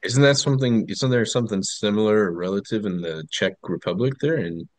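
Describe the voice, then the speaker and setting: Low-voiced man, dry close sound. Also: fairly quick, no echo. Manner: animated storyteller, asks curious questions. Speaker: podcast guest. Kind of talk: casual chat.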